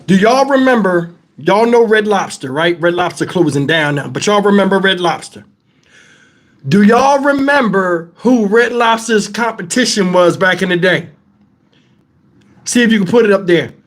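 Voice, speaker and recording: A man hosting his channel, telling profane stories to viewers in a casual, animated way and breaking into laughter. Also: high-pitched, normal speed. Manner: talks straight to the audience with questions. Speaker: channel host telling stories to a live chat.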